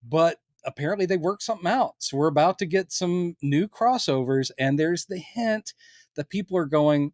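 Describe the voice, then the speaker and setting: Animated, jokey man with a fairly high voice. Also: normal speed, no echo, clean studio sound. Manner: animated, jokey, acts out quotes in silly voices. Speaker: podcast co-host. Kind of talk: casual chat.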